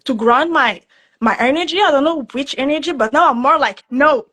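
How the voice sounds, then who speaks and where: A woman's voice: high-pitched, fairly quick, a bit bright. A woman from Quebec with a Québécois French accent, speaking English as a second language as a caller on a live stream, hesitant and searching for words with frequent laughs. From Quebec, Canada. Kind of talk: casual conversation.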